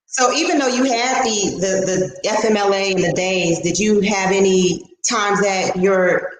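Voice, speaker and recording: Woman host, mid-pitched and even, live-stream chat in an echoey room. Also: measured pace. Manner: calm, reads out viewer comments.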